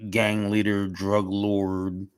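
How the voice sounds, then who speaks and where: A man's voice: fairly low pitch, completely flat delivery, takes it slowly, clean tone, no room sound. A man chatting casually on a podcast, opinionated and restarting often, with a cough drop in his mouth. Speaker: podcast guest. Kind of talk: casual chat.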